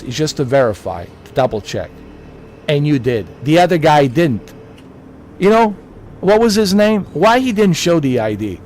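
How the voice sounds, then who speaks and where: A man's voice: fairly high pitch, a little mellow, slight background noise. Rambling man hosting a livestream. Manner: rambling, preachy, repeats himself. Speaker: livestream host. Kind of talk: casual livestream talk to chat.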